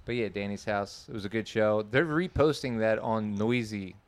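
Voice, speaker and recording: A man's voice: lowish voice, moderate pace. A man as a podcast guest in casual chat, joking and mocking himself.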